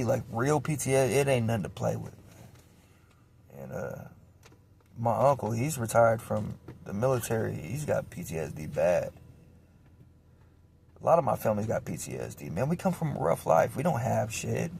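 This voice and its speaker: A man's voice: medium pitch, creaky, a little mellow, a little hiss or hum. A man telling his own story in a raw, confessional way, cursing heavily and repeating himself as he rambles. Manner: emotional, heavy cursing, rambling and repetitive.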